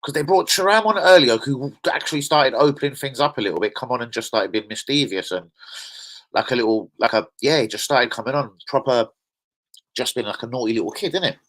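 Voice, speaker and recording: A man chatting casually on a football live stream, full of slang and banter. His pitch rises and falls in a lively, animated way as he riffs with his chat. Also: a little fast, low-quality recording.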